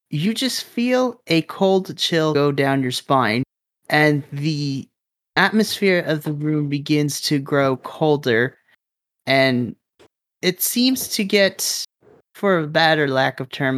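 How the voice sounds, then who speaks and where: A man acting as game master, narrating a tabletop game in a relaxed, chatty way. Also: fairly high pitch, slow, no room sound, clean studio sound. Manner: relaxed, chatty, laughs easily.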